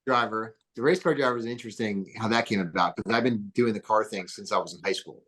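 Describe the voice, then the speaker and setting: Podcast guest, man, lowish voice, excitable rambler full of fillers. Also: quick pace. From New Jersey. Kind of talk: casual interview storytelling.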